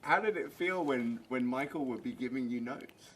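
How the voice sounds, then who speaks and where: A man's voice: mid-range voice, normal speed, a bit bright, a little hiss or hum. A man interviewing two actors, asking searching questions with some hesitation.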